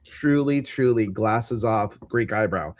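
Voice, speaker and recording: Chatty animated man co-hosting live. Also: lowish voice, slow pace, a little hiss or hum. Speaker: co-host of a live intuitive show. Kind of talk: casual live-stream chat.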